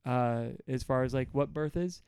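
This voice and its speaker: Smooth-voiced rambling man. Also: normal speed, darkish tone, dry recording. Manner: rambling, many fillers, acts out quotes in a high whiny voice. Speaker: podcast co-host. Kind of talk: casual Bible study chat.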